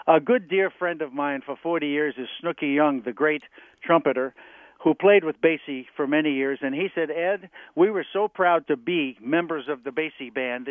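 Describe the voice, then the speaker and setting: Animated older man on a phone line. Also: fairly high pitch, dry recording. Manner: animated storyteller, acts out quotes. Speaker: guest drummer. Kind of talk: telling stories in a radio interview.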